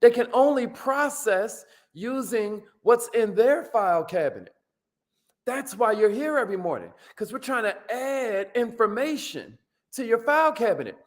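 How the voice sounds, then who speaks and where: An energetic man hosts a live motivational talk, reeling off shout-outs to viewers by name between points. His voice sits high for a man, and he speaks in casual slang, hammering his key phrases again and again. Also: normal speed. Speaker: host of a live motivational stream.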